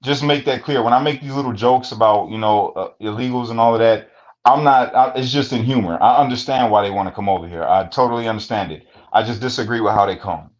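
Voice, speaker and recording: A fast-talking man of medium pitch co-hosts a podcast, telling casual stories in a blunt, profane, plain-spoken way. The recording sounds dull and lo-fi.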